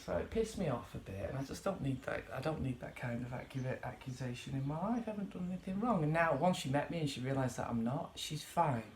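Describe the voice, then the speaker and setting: A man's voice: medium pitch, lively intonation, quick pace, hardly any pauses, slight background noise. Rambling, swearing man in echoey bedroom. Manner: swears freely, rambling with many fillers. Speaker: vlogger. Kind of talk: casual ranting monologue.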